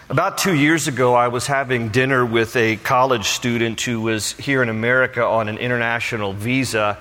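A man's voice: medium pitch, fairly even intonation, brisk, hardly any pauses, bright, forceful tone. A man, a pastor, teaching a Bible study with earnest, conversational explanation and light asides. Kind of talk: sermon with scripture reading and prayer. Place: church. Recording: long hall reverb.

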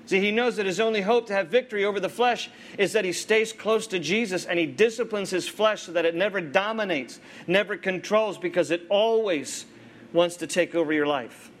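A man preaching a sermon as pastor, expressive, moving between lively storytelling and hushed, earnest appeals to the church. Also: high voice, quick pace, slight background noise.

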